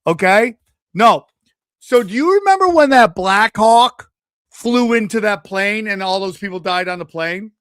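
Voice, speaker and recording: A man's voice: sits high, a little slow, smooth, dry recording, studio quality. A man hosting a podcast, telling a rambling, profane story in casual chat and acting out other people's lines. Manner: animated, acts out quotes in changing voices. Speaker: podcast host.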